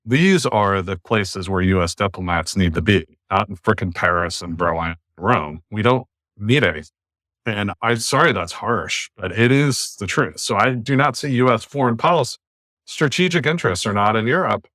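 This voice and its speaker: A man's voice: fairly low pitch, expressive, normal speed, fairly bright tone, no echo, studio quality. An American man hosting a podcast, speaking bluntly and emphatically in long runs of argument over a remote call. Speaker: podcast host. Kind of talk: opinionated casual podcast talk.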